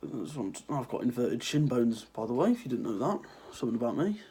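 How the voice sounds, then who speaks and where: Sing-song and a little fast, this Irish teenager's mid-range voice is warm with a breathy edge. Sniffling from a cold, the vlogger rambles through a sarcastic, freely sworn rant to his viewers in a casual vlog.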